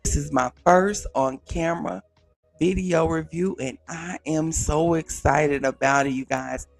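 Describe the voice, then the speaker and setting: A man hosting his own pop culture vlog from a small home studio, animated and chatty, talking straight to viewers with repeated catchphrases. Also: fairly high pitch, a little slow, vocal fry, no room sound, faint music behind. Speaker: YouTube pop culture reviewer. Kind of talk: casual vlog intro.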